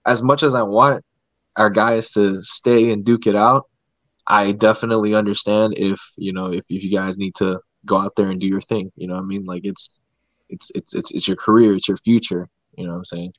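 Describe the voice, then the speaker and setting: Dude hosting a chill podcast, rambles a lot, kinda dull lo-fi sound, dry room. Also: male voice, lowish voice, fairly even intonation, a little fast, a bit bright, dry recording. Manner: rambling, repeats words, says bro. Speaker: podcast host. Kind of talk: casual chat.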